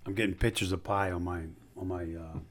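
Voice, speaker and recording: A man who teaches rifle shooting, giving brisk, direct practical advice in a casual interview. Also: deep voice, fairly even intonation. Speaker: precision rifle instructor.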